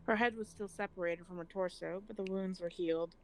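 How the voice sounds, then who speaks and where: A woman hosting a let's play, reading a dark visual novel aloud in a melodramatic but deadpan voice. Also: fairly low pitch, brisk, music in the background, poor audio.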